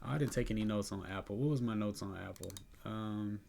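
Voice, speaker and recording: A sleepy, yawning man casually talking through his day trades, relaxed and chatty, thinking aloud with fillers and soft laughs. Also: on the low side, a little fast, creaky, a little hiss or hum. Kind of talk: casual screen-recorded trade review.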